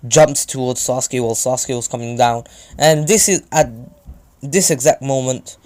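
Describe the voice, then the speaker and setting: A man's voice: mid-range voice, darkish tone. A man casually recapping a fan-made story, rambling with many fillers and self-corrections.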